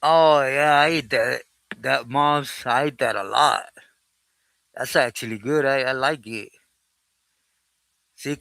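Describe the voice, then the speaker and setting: A man with a smooth, resonant voice hosts a casual live stream, reading out his chat and greeting each viewer by name. He drifts between English and Spanish and keeps thanking God. The sound is dry and close, with no room echo. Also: medium pitch, bright, forceful tone. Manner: thankful, often praises God. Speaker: livestream host reading chat.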